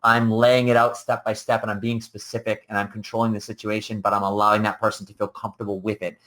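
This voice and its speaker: A man hosting a live coaching show, teaching in a casual, animated way and acting out conversations with clients. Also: fairly low pitch, quick pace. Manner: animated and conversational, acts out client dialogues, frequent "like" and "right?".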